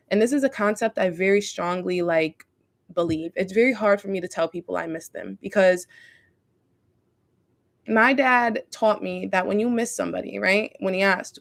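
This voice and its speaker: Woman spiritual talker, gravelly texture, earnest rambling delivery with fillers. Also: on the low side. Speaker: spiritual content creator. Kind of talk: casual spiritual talk.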